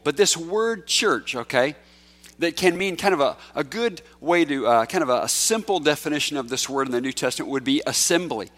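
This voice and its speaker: A male pastor in a church sanctuary, preaching a sermon with a slightly high voice. He keeps it conversational and easygoing, and he coaxes the young people up front in a playful way. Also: expressive, a little fast, fairly bright tone. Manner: conversational, coaxing and playful with children.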